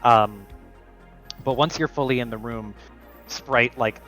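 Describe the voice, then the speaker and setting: A man's voice: mid-range voice, takes it slowly, fairly bright tone, soft background music, rough recording. A man narrating as game master of a tabletop role-playing game, loose and full of fillers.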